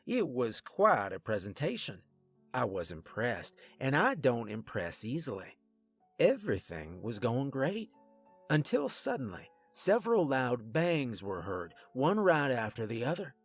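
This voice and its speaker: Deadpan man narrating a dark story. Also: mid-range voice, a little slow, no room sound, soft background music. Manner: deadpan, wry asides. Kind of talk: first-person story narration.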